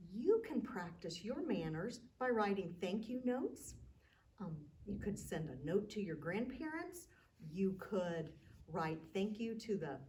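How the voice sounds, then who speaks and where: A woman librarian reads a storybook to children, chatting gently with them between pages. Her delivery is slow and lively in pitch, and her voice sounds somewhat distant from the microphone. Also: a little hiss or hum. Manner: gentle, chatty asides to young listeners.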